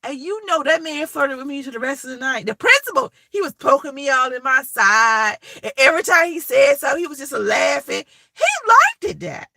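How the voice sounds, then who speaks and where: A woman telling stories in a blunt, animated and profane way. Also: high voice, moderate pace, hardly any pauses. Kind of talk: casual storytelling.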